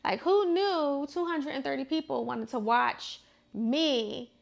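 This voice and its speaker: A woman's voice: high-pitched, slow, vocal fry. Chatty woman in her thirties venting. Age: 30s. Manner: chatty, emphatic, repeats phrases for effect. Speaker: vlog host. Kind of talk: casual opinionated monologue.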